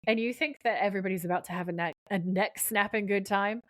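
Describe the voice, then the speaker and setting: A woman co-hosting a casual podcast, recapping episodes in a middle-pitched voice. She acts out the quoted lines in animated put-on voices. The sound is close and dry. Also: fast, dry recording. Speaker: podcast co-host.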